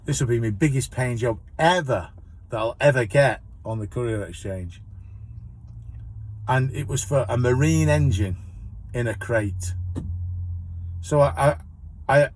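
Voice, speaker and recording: A man, a van courier, telling a long chatty story about his work in a rambling way, restarting his sentences often. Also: medium pitch. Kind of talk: casual storytelling monologue.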